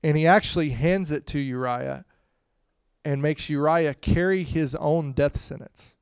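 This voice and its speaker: A man preaching a conversational sermon to a congregation, swinging between hushed and loud passages, with frequent "you know" asides. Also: on the high side, unhurried, clear, resonant tone, no echo, clean studio sound. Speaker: pastor.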